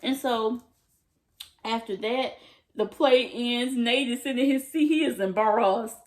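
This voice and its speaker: Recapping a TV episode, this young woman vlogger is gushing and slangy, performing the characters' quotes along the way. Her voice is a little high with a darkish tone, and her pace is measured.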